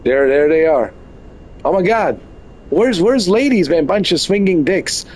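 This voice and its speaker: A man's voice: high voice, lively intonation, a little slow, darkish tone, low-quality recording. A man giving casual, joking live commentary on a flight game from his bedroom, full of exaggerated mock complaints. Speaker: game streamer. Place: bedroom at home.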